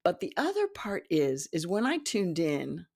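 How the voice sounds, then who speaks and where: A woman in her fifties, a psychic development teacher, telling a personal story in casual talk, animated, laughing often and acting out what people said. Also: lowish voice, unhurried, creaky, slightly rough. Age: 50s. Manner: animated, laughs often, acts out quoted dialogue.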